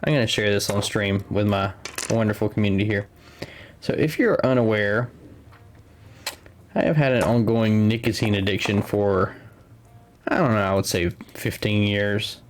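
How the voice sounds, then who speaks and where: A man's voice: fairly low pitch, steady tone, normal speed, pauses often, a little hiss or hum. Chatty man co-hosting a game stream. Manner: chatty, joking, open about his life. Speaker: stream co-host and commentator. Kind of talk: casual live-stream commentary.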